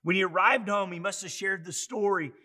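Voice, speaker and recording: A man preaching with a high, bright, ringing voice. He is fervent and emphatic, and his volume swings from hushed asides to loud declarations in a full sermon. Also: fairly quick. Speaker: pastor. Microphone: online church service.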